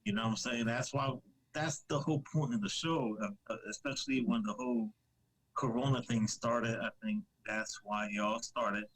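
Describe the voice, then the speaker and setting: On a casual live-stream, a man appearing as a podcast guest, a comic creator, rambles with many restarts and fillers while laughing easily and joking. His voice is medium-pitched, steady, moderately paced and a bit bright, on a rough recording.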